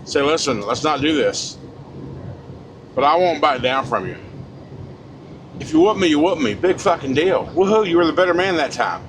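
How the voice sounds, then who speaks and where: Expressive and a little fast, a man's slightly high voice carries a blunt, profane, fired-up rant from inside a truck cab, with road noise from the moving vehicle in the recording. He's a truck driver vlogger in his forties giving a casual monologue.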